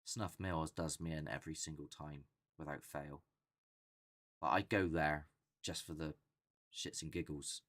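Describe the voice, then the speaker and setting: Deep-voiced man chatting. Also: fairly even intonation, a little slow, fairly bright tone. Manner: rambling, chatty, acts out quotes. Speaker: host of a paranormal channel. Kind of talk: casual live chat.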